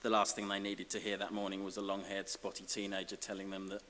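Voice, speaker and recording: A man from giving a self-deprecating, comic acceptance speech as an honorary graduate, halting over fillers. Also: sits low, completely flat delivery, sharp tone. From Essex, England. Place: large ceremony hall. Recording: reverberant hall with faint hiss.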